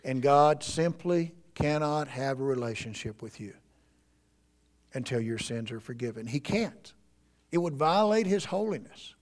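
A middle-aged male pastor preaching a sermon in a church, earnest and pleading, rising to emphatic peaks and dropping to quiet appeals. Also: mid-range voice, expressive, unhurried. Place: church sanctuary.

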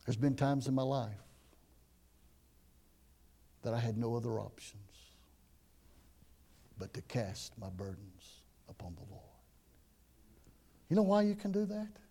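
A middle-aged man from the United States, preaching a sermon that swings from loud emphasis to hushed, almost whispered lines. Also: medium pitch, animated, slow pace, long pauses, breathy edge. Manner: dramatic swings from loud to hushed, repeats words. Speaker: pastor.

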